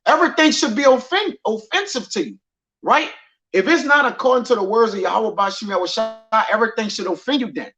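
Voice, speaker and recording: A man's voice: high voice, animated, brisk, pushed and bright, faint music behind. A man teaching scripture in a loose, conversational way, often tagging his lines with "man" and "all right". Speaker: preacher. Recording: dull lo-fi audio.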